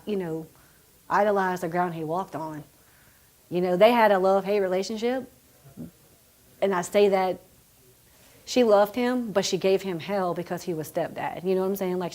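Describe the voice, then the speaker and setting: A woman's voice: lowish voice, darkish tone. A woman, telling a personal story of loss in a conversational, emotional way with many fillers. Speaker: police officer's widow.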